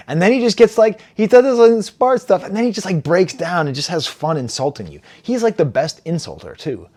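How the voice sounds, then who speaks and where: Man reviewing an album, casual talk, animated, mid-pitched voice, laughs at himself. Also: fairly quick. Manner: animated, laughs at himself, reads lyrics aloud. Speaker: music reviewer.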